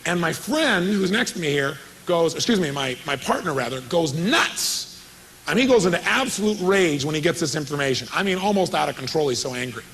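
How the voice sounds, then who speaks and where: A man's voice: fairly high pitch, lively intonation, fairly quick, fairly bright tone, a little hiss or hum, poor audio. A man giving a live motivational seminar, telling a story with energy and quizzing his audience. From California. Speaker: motivational speaker.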